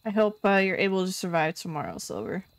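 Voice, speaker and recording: A woman streaming a game live, chatting casually with her viewers and reacting out loud to the game. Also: medium pitch, big pitch swings, fast. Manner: chatty, reads chat, bursts into loud frustrated yelps.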